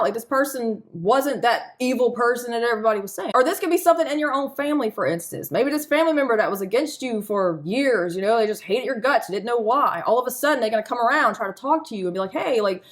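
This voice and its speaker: A woman with a fairly high voice talks straight to her viewers in a loose, chatty spiritual reading. She stays earnest through heavy subjects but keeps breaking into easy laughs and folksy asides to "y'all.". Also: expressive, fast talker, hardly any pauses, a bit bright. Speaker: spiritual card reader. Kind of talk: casual spiritual reading to camera.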